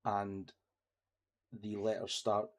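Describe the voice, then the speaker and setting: A young man narrating a tabletop game as game master, halting with frequent fillers. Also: fairly low pitch, monotone.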